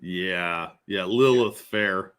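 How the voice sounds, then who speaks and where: Bright-voiced man chiming in. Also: low voice, drawn-out words. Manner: agreeing, dismissive. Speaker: podcast co-host. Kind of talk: casual chat.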